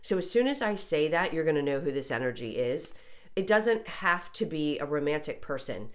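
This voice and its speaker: A low-pitched woman gives a casual tarot reading, her voice stuffy and congested from a recent illness. She talks in a chatty, loose way, with little apologies and ums along the way. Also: sing-song, moderate pace. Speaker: tarot reader.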